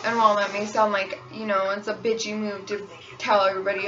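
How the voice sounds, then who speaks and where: A young woman talks frankly to her phone camera in a personal vlog confession, her voice gravelly with a lot of fry. The recording is dull and lo-fi, she sits a little back from the mic, and a pop song plays clearly in the background. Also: medium pitch, animated, a little fast, pushed and bright, distant mic, faint music behind. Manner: candid, frank, storytelling. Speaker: waitress sharing her experience. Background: pop song playing on repeat.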